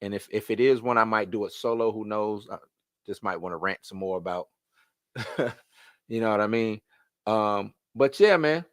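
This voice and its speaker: A man hosting a live stream, ranting in loose, slangy casual talk that repeats itself and swings between loud and soft. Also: on the low side, moderate pace, pauses often, clean tone, no echo, studio quality.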